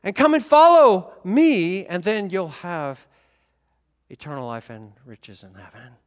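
Man doing an earnest, direct teacher, high voice, reverberant hall. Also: wildly swooping pitch, a little slow, clean tone, full character voice. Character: Jesus, calm and direct adult man.

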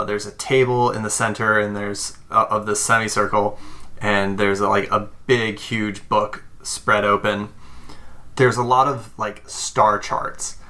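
A man running a tabletop role-playing game, describing scenes in a halting, rambling way. His voice sits low but sounds bright and forward. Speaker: game master.

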